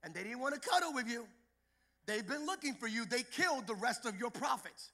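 A male pastor preaching a sermon, building to shouted, rhythmic repetition. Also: very high-pitched, expressive, brisk.

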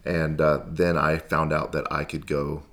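A man's voice: extremely low pitch, level tone, measured pace, fairly bright tone. A young man, a podcast guest, chatting casually with dry humor and a chuckle. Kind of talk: casual chat.

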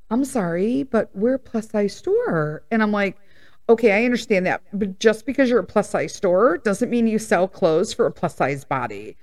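A middle-aged woman hosting a casual podcast, telling a personal story in a blunt, profane, ranting way and acting out the other people's lines. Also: mid-range voice. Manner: profane, blunt, animated ranting with acted-out quotes. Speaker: podcast host.

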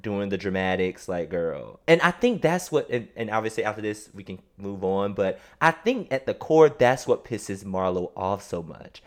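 A man co-hosting a podcast, giving blunt, sassy opinions in a casual reality-TV recap. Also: fairly low pitch. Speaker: podcast co-host.

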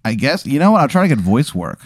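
A man chatting casually, laid-back and profane, tossing in quick wisecracks. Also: mid-range voice, very animated, no echo, studio quality. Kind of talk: casual chat.

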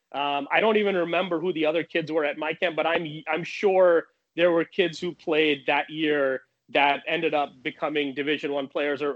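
A man tells a long personal story in a casual, animated way, often restarting his sentences. His voice sits a little high, and the sound is dull and lo-fi. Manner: animated, fast anecdotes with many restarts.

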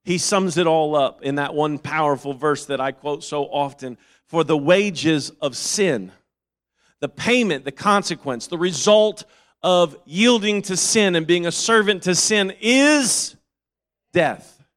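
A man preaching a sermon, reading and quoting scripture and repeating phrases, moving from quiet reasoning to loud, fervent calls. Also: a little high, a little slow.

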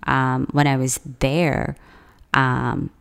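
A woman's voice: extremely low pitch, level tone, extremely slow, vocal fry, clear, resonant tone. A woman from Canada telling a personal story in a laid-back, casual way, laughing often and using lots of fillers.

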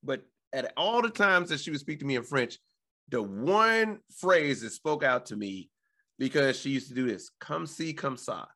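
A man with a bright, forceful voice at a middle pitch. He tells stories in a playful, jokey way and often laughs. He is co-hosting a relaxed conversation. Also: moderate pace. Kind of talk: casual chat, personal storytelling.

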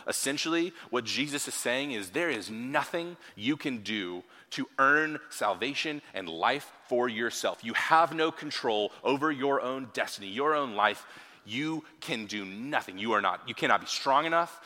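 Male pastor, sermon, casual and chatty, crisp bright tone, long hall reverb. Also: mid-range voice, expressive, normal speed. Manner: conversational, with frequent rhetorical "right?" asides. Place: church hall.

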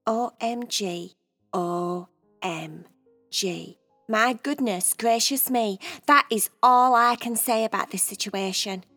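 A woman's voice: fairly high pitch, slow, pushed and bright, faint music behind, exaggerated voice. Woman voicing a dramatic, fibbing girl cat. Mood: complaining. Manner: dramatic, gushing and exaggerating. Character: dramatic, fibbing female cat who exaggerates. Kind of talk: children's bedtime story.

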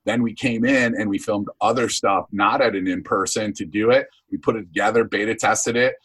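A man's voice: fairly low pitch, fairly even intonation, moderate pace, fairly bright tone, husky. A man guest on a podcast, talking casually and rambling with many fillers about his coaching course. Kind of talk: casual interview chat.

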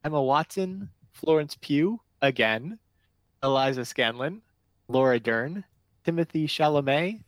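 A man's voice: on the high side, expressive, unhurried, no echo. A man hosting a casual podcast chat, talking in a rambling, self-correcting, unsure way. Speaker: podcast host.

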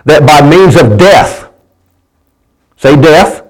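Folksy preacher man, fairly high voice. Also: lively intonation, slow pace, poor audio. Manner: folksy preaching with call-and-response and stumbling restarts. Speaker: pastor. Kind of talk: sermon.

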